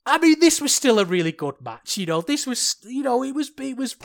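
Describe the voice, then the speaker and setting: A man hosting a solo podcast, talking in an animated, ranting way that swings from worked-up to sheepish. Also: very high-pitched, normal speed, gravelly, hardly any pauses. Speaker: podcast host.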